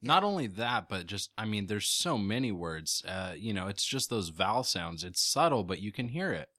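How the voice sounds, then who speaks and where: An easygoing man co-hosting a podcast in casual chat. His voice is very low, with a bright, forceful edge. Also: big pitch swings, normal speed.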